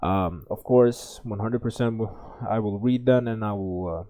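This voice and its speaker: Uzbek-accented male tutor, mellow tone, halting think-aloud delivery. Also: fairly low pitch. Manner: hesitant, many fillers and restarts. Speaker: IELTS tutor. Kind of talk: think-aloud exam lesson.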